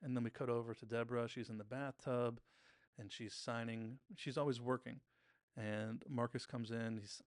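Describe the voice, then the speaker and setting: A man's voice: mid-range voice, fairly even intonation, normal speed, dry recording, clean studio sound. A man hosting a podcast, casually recapping a TV episode scene by scene, briefly mimicking the characters' lines.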